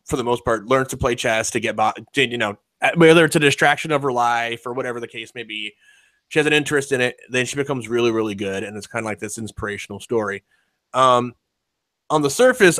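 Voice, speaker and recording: A man hosting a podcast, talking loose and profane with frequent laughs. His voice sits at an ordinary middle pitch. The sound is dry and close to the mic. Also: fairly bright tone, no echo. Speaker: podcast host. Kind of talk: casual chat.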